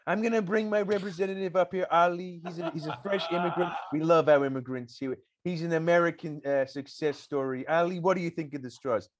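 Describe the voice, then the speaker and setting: A man's voice: fairly high pitch, fairly even intonation, fairly quick, hardly any pauses. A man co-hosting a casual podcast chat, laughing and swearing often. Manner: laughing, swearing, mocking impressions. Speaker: podcast co-host.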